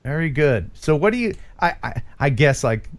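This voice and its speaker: A man's voice: on the high side, big pitch swings, moderate pace. A man hosting a casual livestream chat, joking and teasing his guest. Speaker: host.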